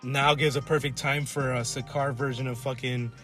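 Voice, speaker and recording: A man's voice: medium pitch, level tone, over music. Rambling, swearing male podcast co-host. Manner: rambling, swears often, acts out characters in quick asides. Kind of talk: casual chat. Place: collectibles shop.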